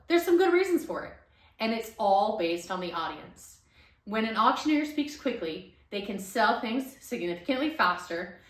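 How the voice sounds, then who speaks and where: A woman lecturing on public speaking with a loud voice and lively, expressive pitch. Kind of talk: recorded lecture. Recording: echoey room, mic far off, background hum.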